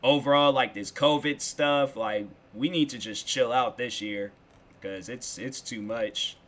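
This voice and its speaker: Twenties guy streaming, bright voice, rambling casual chat with his viewers. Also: medium pitch, a little slow. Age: 20s. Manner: rambling and loose, with lots of "like" and "bro".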